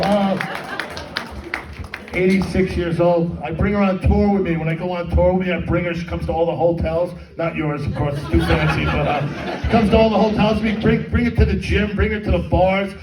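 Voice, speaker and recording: Background noise accompanies the high-pitched voice of a middle-aged comic doing crude, rambling, self-deprecating crowd work before a live audience at a comedy fundraiser. The mic sits at a distance in the echoey hall.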